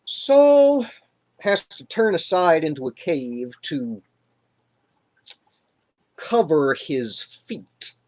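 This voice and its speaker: A man's voice: on the high side, sing-song, drawn-out words, long pauses. A man hosting a live stream, retelling a Bible story in an irreverent, joking way. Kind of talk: casual comic Bible retelling.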